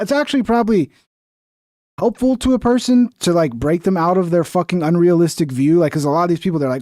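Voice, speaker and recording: Fast and mellow, this high-pitched man reacts casually to a video in clean studio sound with no room reverb. He's blunt and swears freely, ridiculing opposing views by putting on whiny voices.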